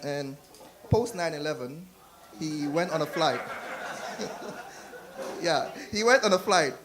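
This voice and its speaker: A man's voice: on the high side, animated, takes it slowly, noisy background. A man from Jamaica with a Jamaican accent, performing a stand-up comedy set on a club stage and putting on voices for the people in his jokes.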